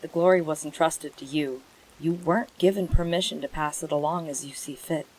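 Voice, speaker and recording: A streamer reading a storybook aloud, voicing a loyal, dying little male horse who pleads softly and sounds resigned. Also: mid-range voice, steady tone, normal speed, close to an everyday voice, rough recording. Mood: gentle pleading.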